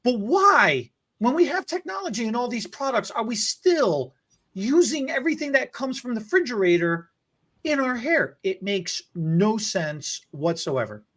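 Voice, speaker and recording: A man's voice: very high-pitched, unhurried. A man co-hosting a beauty podcast, caught mid-story in casual chat. He acts out the voices of the people in his story and laughs easily as he goes. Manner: animated, laughing storyteller who acts out quotes. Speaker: podcast co-host, hair stylist.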